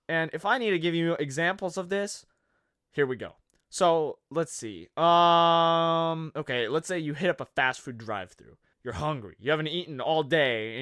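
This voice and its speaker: A man with a fairly high voice narrates a comedy video with sarcasm and rambling jokes. His pitch swings widely from line to line, and the sound is dry and close, with no room echo. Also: a bit bright, clean tone. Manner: sarcastic, jokey, rambling asides. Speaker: video host.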